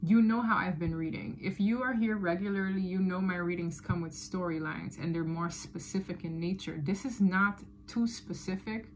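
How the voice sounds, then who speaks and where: A woman's voice: on the low side, moderate pace, few pauses, a little hiss or hum, low-quality recording. Rambling woman giving a tarot reading. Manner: animated, rambling, often laughs and repeats phrases. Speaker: tarot reader. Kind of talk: casual tarot reading to camera.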